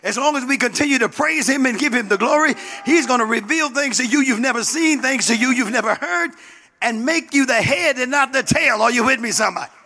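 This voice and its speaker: A man's voice: very high-pitched, a little fast, pushed and bright. A male pastor preaching a sermon in an emphatic call-and-response style.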